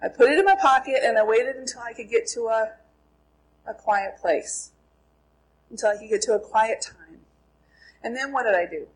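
Middle-aged woman Bible teacher, slightly high and husky, asks questions and answers them herself. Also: expressive, moderate pace, pauses often, rough recording. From Minnesota, USA. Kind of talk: Bible lesson to a group.

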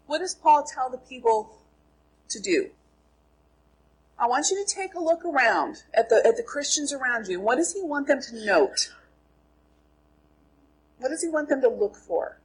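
A woman's voice: high-pitched, sing-song, normal speed, long pauses, slightly rough, low-quality recording. A middle-aged woman from Minnesota teaching a Bible class, asking her listeners questions and then answering them herself. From Minnesota, USA. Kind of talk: Bible lesson to a group.

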